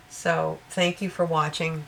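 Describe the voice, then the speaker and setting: A woman's voice: low-pitched, gravelly, a bit bright. A woman giving a casual, rambling tarot reading, often checking in with her listener and laughing. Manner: rambling, chatty, with frequent check-ins and laughs. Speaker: tarot reader.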